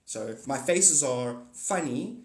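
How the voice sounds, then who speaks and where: A man's voice: mid-range voice, lively intonation, takes it slowly, echoey room. Rambling, blunt man on a livestream. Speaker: livestream host. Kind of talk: casual livestream chat with viewers.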